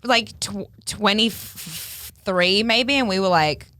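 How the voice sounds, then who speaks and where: A woman in her early twenties, a podcast guest who chats casually and tells a rambling, animated story with some swearing. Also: mid-range voice, takes it slowly, dry recording. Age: early 20s. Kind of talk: casual chat.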